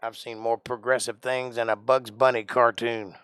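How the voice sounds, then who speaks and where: A man's voice: mid-range voice, little pitch movement, moderate pace, fairly bright tone, clean tone, no echo. A man hosting a casual live stream, joking around in a put-on accent and sounding tired. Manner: joking, puts on an odd made-up accent. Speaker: livestream host.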